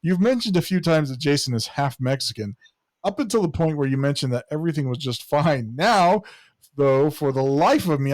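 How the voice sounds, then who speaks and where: Jokey man with a higher voice. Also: a little mellow, no room sound. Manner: jokey, laughs often. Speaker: podcast co-host. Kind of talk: casual chat, reading listener mail aloud.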